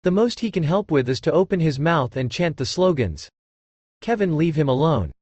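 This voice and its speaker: A man's voice: a little high, big pitch swings, moderate pace, darkish tone, no echo, muffled recording. A man voicing a snobbish, greedy older woman who speaks arrogantly and scornfully, in an audiobook.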